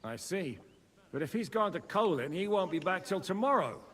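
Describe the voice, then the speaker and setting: A man's voice: sits high, big pitch swings, moderate pace, a bit bright, big-room sound, exaggerated voice. An actor playing a blunt male leader in a game who curses and plans practically. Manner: blunt, cursing.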